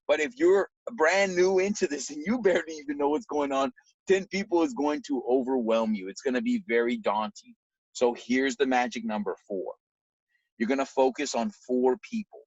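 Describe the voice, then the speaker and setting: A man's voice: a little high, slightly rough, dry recording. A man giving a motivational network-marketing pep talk, repeating his points with lots of energy. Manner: animated, repetitive, pep-talk delivery. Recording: dull lo-fi recording.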